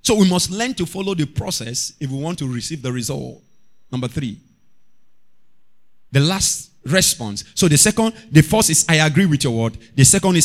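A man preaching a sermon as a pastor, calling out to the congregation and rising into shouts. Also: fairly high pitch, animated, normal speed.

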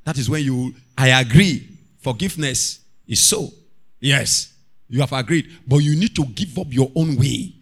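A man preaching a sermon as a pastor, calling out to the congregation and rising into shouts. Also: medium pitch, normal speed, gravelly, husky.

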